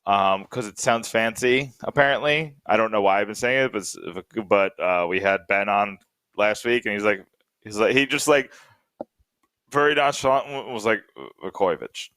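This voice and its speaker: A man's voice: fairly low pitch, moderate pace, sharp tone, clear, resonant tone, no room sound, studio quality. A man co-hosting a podcast, rambling and joking with plenty of fillers. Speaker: podcast co-host. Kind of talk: casual podcast chat.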